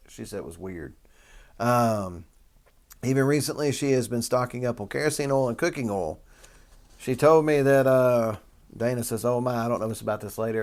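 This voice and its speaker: A man, hosting a casual talk show and reading a news article aloud with rambling asides. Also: medium pitch. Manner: folksy, rambling, with y'all and asides. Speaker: host.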